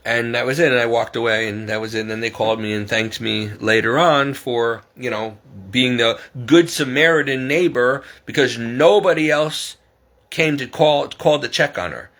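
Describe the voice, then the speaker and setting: A man's voice: mid-range voice, normal speed, fairly bright tone. A middle-aged man telling a story in a casual vlog, rambling and exasperated, repeating himself as he goes. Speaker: vlogger.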